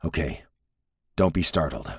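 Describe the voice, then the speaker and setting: A man voicing a calm, steely male alien inspector who speaks quietly in clipped, unhurried phrases. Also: extremely low pitch, husky, dry recording, studio quality, full character voice.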